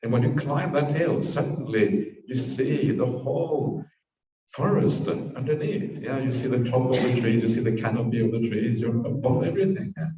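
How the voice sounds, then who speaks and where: Speaking at normal speed in a warm, medium-pitched voice, a man who is a Buddhist monk tells a parable during a dharma talk at a meditation retreat. His storytelling is dotted with frequent tag "yeah"s, and a distant mic picks him up in an echoey room.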